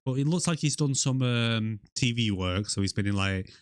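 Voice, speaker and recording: A British man co-hosting a movie podcast, loose and jokey, laughing easily as he chats. His voice sits in a middle pitch, recorded dry and close with no room sound. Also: moderate pace, smooth, no room sound. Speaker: podcast co-host. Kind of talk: casual movie review chat.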